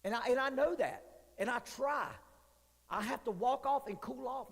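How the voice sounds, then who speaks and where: A man's voice: very high voice, lively intonation, normal speed, creaky. A man preaching as a youth pastor, joking and candid with the young crowd. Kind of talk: sermon. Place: church hall. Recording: long hall reverb.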